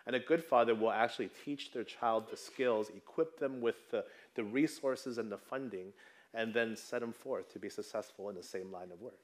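A man's voice: fairly low pitch, moderate pace. A man in his thirties preaching a sermon in a conversational way, often checking in with the congregation. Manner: conversational, tags lines with "right?". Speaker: pastor.

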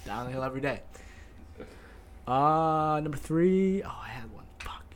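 A man's voice: a little high, expressive, unhurried. A young man co-hosting a casual podcast, laying out his points in short, punchy lists. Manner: laid-back, talks in short punchy lists. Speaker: podcast co-host.

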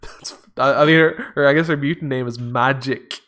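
A man's voice: mid-range voice, normal speed, a bit bright. A man in casual chat, recapping a movie with sarcastic, profane jokes and frequent laughs. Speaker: podcast co-host.

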